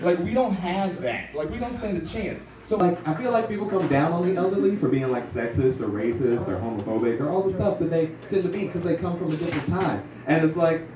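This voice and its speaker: Young man, stand-up comic, high voice, rambling loose delivery, echoey room, dull distant sound. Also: fairly quick, hardly any pauses, a crowd in the background. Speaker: stand-up comedian. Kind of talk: stand-up routine. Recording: distant, roomy, dull club recording.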